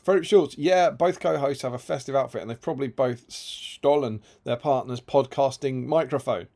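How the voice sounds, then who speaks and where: A man's voice: mid-range voice, normal speed, vocal fry, darkish tone. A man co-hosting a casual live stream, reading viewer comments aloud with playful asides. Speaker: co-host reading chat.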